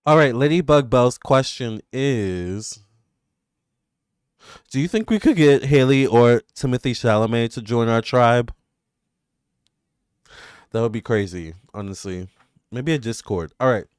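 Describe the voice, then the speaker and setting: A man, hosting live tarot readings and chatting excitedly with viewers. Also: mid-range voice, clear, resonant tone, no room sound, clean studio sound. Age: 30s. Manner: excitable and gushing, quick swings between squeals and murmurs. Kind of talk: casual livestream chat with viewers.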